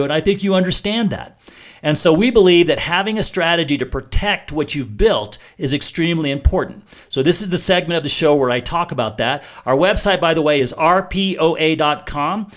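A middle-aged man hosting a finance radio show, explaining things in a conversational way with frequent restarts. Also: a little high. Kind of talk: talk radio monologue.

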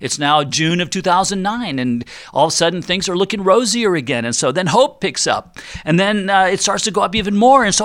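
A man's voice: high voice, expressive, a little fast, fairly bright tone. A middle-aged man hosting a financial radio talk show, chatty and playful, often acting out worried investors in quoted voices. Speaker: radio show host and retirement planner.

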